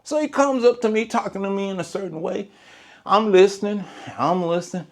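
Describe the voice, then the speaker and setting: A man's voice: high voice, normal speed. A man, a lawn care business owner, telling a story in a casual, colloquial vlog. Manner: animated storyteller, Southern colloquial speech.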